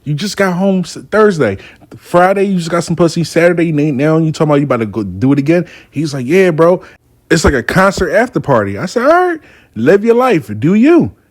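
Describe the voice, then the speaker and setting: A man's voice: a little high, very animated, fairly quick, dry recording, clean studio sound. A man telling a casual story, acting out both sides of a dialogue. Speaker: storyteller host.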